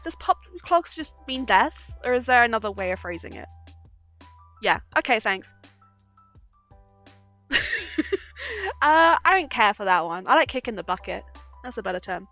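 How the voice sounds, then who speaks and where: A woman's voice: on the high side, very animated, moderate pace, pauses often, pushed and bright. A young woman streaming live, chatting casually and giggling often between sweary asides. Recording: faint background music.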